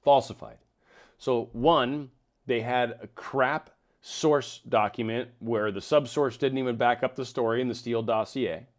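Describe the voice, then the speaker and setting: A man's voice: mid-range voice, steady tone, a little slow. A man talking through political news in casual solo commentary, with wry asides, reading documents aloud as he goes.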